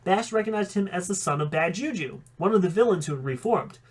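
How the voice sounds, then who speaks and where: A man's voice: high-pitched, expressive, brisk. A man reading a fan story aloud, with occasional slips that he corrects. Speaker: audiobook reader.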